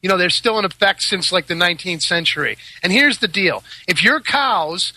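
A male host spins long stories in a relaxed, joking way, with sarcastic asides and laughs. His voice sits high and very bright. The sound is dry and close, with no room around it. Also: normal speed, dry recording. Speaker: podcast host. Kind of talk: casual chat.

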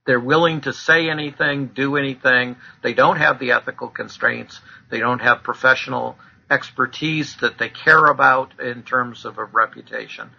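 A man as a fraud expert guest, giving measured, lecturing answers with frequent filler pauses. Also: medium pitch, fairly even intonation, gravelly, sharp tone, muffled recording. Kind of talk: explanatory interview answers.

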